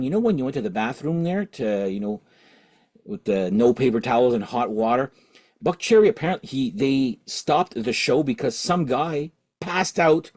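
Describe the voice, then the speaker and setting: A man hosting his rock channel, rambling through a story in a casual rant. He keeps correcting himself and asking "okay?", and he sounds tipsy. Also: darkish tone. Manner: jumps higher in pitch and volume when quoting himself and his friend. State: drinking alcohol while recording. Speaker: host of a rock and vinyl channel.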